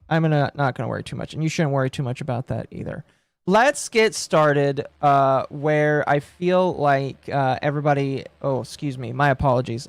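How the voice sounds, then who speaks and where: Speaking in a low voice, a female streamer chats casually with her live audience, laughing frequently as she rambles and says things more than once. She's captured on a dry, close mic with music playing in the background.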